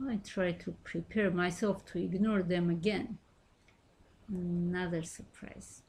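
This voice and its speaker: A woman's voice: medium pitch, takes it slowly, vocal fry, darkish tone, husky. A woman reading her own first-person memoir aloud, telling it in a wry, self-mocking way.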